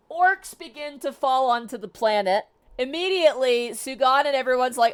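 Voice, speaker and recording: A woman vtuber retelling a story in a casual, excitable, slangy way, chatting to her viewers. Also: high-pitched, moderate pace, smooth.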